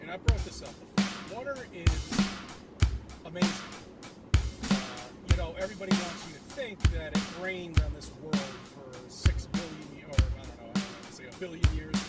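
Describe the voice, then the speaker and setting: A man with a high voice rants in a scoffing, dismissive way. He sounds far from the mic, as if a video is being played back. Loud music runs behind him the whole time. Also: normal speed. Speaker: guest in a played video clip. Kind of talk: ranting monologue.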